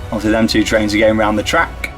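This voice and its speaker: A man's voice: fairly low pitch, completely flat delivery, fast, a bit bright, soft background music. Chatty man narrating a ride simulator. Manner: chatty, upbeat, talks himself through each step. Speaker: theme park YouTuber playing a ride simulator. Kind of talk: casual gameplay commentary.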